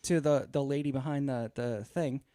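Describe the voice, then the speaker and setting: A man's voice: mid-range voice, moderate pace, mellow, smooth, no room sound, clean studio sound. Exasperated man telling a story. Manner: profane, exasperated, lots of fillers. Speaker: podcast host. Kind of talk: casual storytelling.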